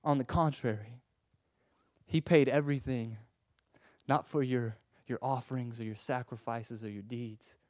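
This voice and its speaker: A man preaching a sermon with passion, moving between hushed tender passages and loud emphatic ones, often stammering and repeating words as he presses his points. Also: medium pitch, fairly even intonation, measured pace, dry recording, studio quality.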